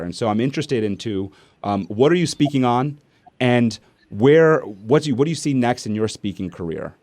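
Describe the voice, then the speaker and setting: A man's voice: on the low side, no echo. A middle-aged man hosting an interview, telling a family story casually and acting out the dialogue. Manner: animated, acts out family dialogue. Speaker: podcast host and speaker.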